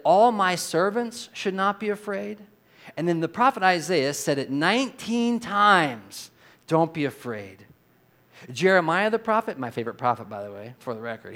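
A man preaching a sermon as pastor, conversational and animated, rising for emphasis and dropping low on quoted lines. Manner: conversational, with repeated restarts.

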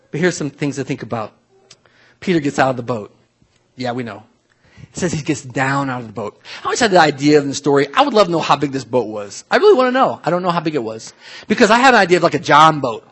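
A man preaching a sermon as pastor, telling a Bible story in a lively way, swinging from soft asides to loud acted-out voices. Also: fairly high pitch, slightly rough.

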